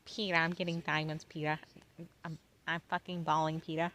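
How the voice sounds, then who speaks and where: A man's voice: a little high, level tone, moderate pace, pushed and bright, poor audio. A tipsy man voicing a nagging cartoon housewife who brags to her husband and keeps repeating his name. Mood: teasing.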